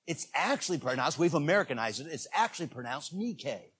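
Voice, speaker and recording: Husky-voiced man preaching with animated force. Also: a little high, fast talker. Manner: animated preaching, rising to shouts on key words. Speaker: evangelist. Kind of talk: sermon. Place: church.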